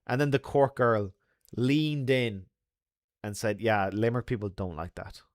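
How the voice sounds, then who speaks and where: A man's voice: mid-range voice, measured pace, no room sound, clean studio sound. An Irish man hosting a live stream, reading viewer comments and chatting in a loose, jokey way with lots of laughs and fillers. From Ireland. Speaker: livestream host.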